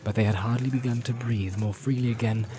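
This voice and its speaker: A man narrating a fantasy audiobook in a measured storytelling way. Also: mid-range voice, fairly even intonation, crowd noise.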